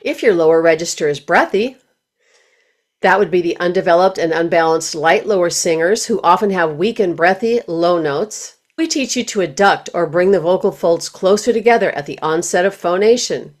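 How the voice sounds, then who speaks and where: A woman voice teacher giving scripted instructional narration, speaking in a clear, measured, explanatory way. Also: on the low side.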